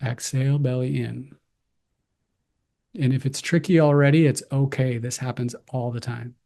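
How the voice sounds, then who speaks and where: A man giving slow, calm, gentle breathing cues as a breathwork instructor. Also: mid-range voice, gravelly.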